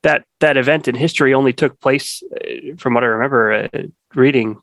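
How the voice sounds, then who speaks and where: A man appears as a podcast guest, chatting casually in an easygoing, rambling way with many fillers, often stopping and restarting his thoughts. His ordinary mid-range voice is a bit bright and a little fast. The sound is close and dry, with no room echo.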